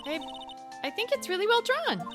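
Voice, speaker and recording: A high, squeaky little girl's voice, put on by a woman, bouncing up and down in pitch as she talks eagerly and earnestly. Video game music plays clearly behind her. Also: big pitch swings, normal speed. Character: sweet excitable little girl spirit medium.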